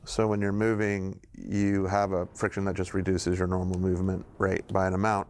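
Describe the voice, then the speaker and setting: Male developer interviewee, deep gravelly monotone, measured explanation.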